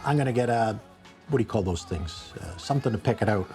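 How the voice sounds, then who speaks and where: A man hosting a casual cooking vlog from a home kitchen, rambling and joking at his own expense, with sudden excited bursts. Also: on the low side, fast talker, faint music behind. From Canada.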